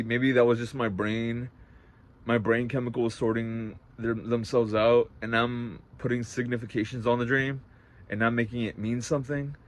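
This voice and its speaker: A young man telling a story in a casual vlog, swearing a lot and swinging between loud outbursts and quiet, reflective talk. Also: mid-range voice. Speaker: vlogger.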